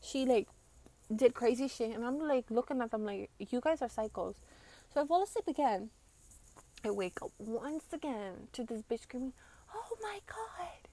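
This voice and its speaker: Young woman streamer, casual rambling storyteller, swears freely, slightly high-pitched. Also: expressive, moderate pace, warm tone, slight background noise. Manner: chatty and profane, heavy use of "like".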